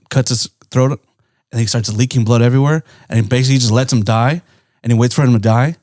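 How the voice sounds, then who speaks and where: A man at middle pitch tells a story across a podcast table in loose, rambling chat. He swears freely and keeps checking in with his listeners as he goes. The sound is close and dry, with no room around it. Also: darkish tone, dry recording. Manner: rambling, swears often, tags lines with "right?". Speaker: podcast co-host. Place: indoor podcast studio.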